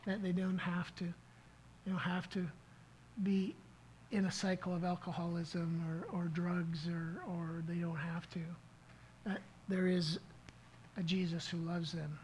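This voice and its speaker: A man's voice: high voice, level tone, unhurried, a little mellow, a little hiss or hum, poor audio. A middle-aged man preaching a sermon as pastor, telling a story in an earnest way, with frequent restarts. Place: church service.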